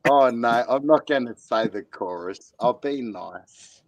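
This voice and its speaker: A man's voice: mid-range voice, a little slow, no echo, dull audio. A man chatting casually on a live stream, joking and swearing. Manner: jokey, swearing, laughing easily.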